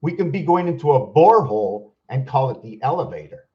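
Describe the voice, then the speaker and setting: A man hosting a rambling vlog monologue, musing aloud with rhetorical questions and slowly counting out numbers, at times loud and worked up. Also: on the high side, big pitch swings, slightly rough, lo-fi sound. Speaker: channel host.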